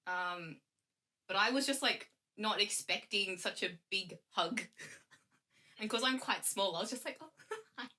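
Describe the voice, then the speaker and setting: A woman's voice: medium pitch, a little slow, sharp tone. A young woman telling a story in a casual chat, laughing often and acting out what people said. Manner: chatty, laughs often, acts out quoted lines. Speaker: guest.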